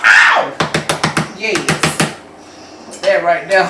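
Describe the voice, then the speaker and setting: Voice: medium pitch, fairly even intonation, measured pace, long pauses, far from the mic. A home cooking show host with a Southern US accent, chatting folksily to viewers while walking through a recipe step by step. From Jacksonville, Florida, US. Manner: chatty and folksy, talks straight to viewers as y'all. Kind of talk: casual cooking demonstration. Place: home kitchen. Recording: roomy kitchen, off-mic, faint background hum.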